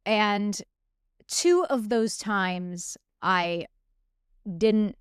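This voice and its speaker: Woman, podcast host, mid pitch, smooth voice, hesitant, many fillers, dry sound. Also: drawn-out words, dry recording. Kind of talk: casual interview chat.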